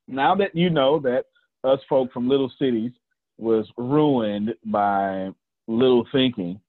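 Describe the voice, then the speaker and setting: A husky-voiced man with a Southern US accent leads a group call. He talks in a folksy, repetitive way, counting down and teasing his listeners. The audio is dry and thin, like a phone line. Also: mid-range voice, dry recording. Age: 40s. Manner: folksy, repeats phrases, counts down, teases listeners. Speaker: coach hosting a group call. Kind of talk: animated motivational coaching. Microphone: video call.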